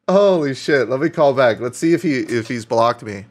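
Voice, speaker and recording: A man streaming a scam-baiting call, excitable and swearing freely as he laughs and gushes. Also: medium pitch, moderate pace, few pauses. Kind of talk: casual streamed prank call.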